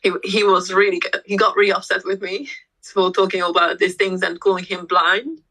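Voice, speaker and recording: A woman's voice: mid-range voice, flat delivery, normal speed, pushed and bright, rough recording. A woman yoga teacher explaining energy centres in a podcast chat, hesitant and full of restarts, livelier when she tells a story. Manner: hesitant, with frequent restarts and fillers. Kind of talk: conversational explanation.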